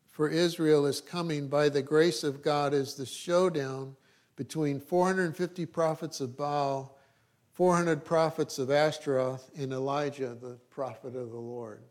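A man's voice: fairly high pitch, darkish tone. A middle-aged male pastor preaching a sermon, reading scripture and adding dry joking asides.

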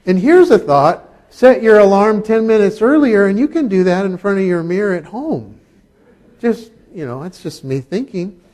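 A man's voice: high voice, expressive, normal speed, darkish tone. A middle-aged man preaching a sermon, talking in a conversational way with humorous asides. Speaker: pastor.

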